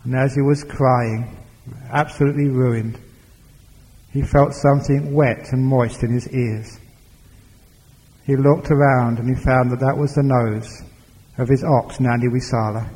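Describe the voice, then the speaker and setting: A man telling a folk tale aloud in a lively, expressive, conversational way. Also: medium pitch, unhurried, pauses often. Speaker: storyteller. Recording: long hall reverb.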